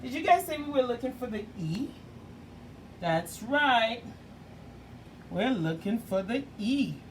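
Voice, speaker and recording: A woman who teaches young children, walking them through letter sounds with playful questions and drawn-out sounds. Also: a little high, very animated, slight background noise. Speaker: early learning teacher.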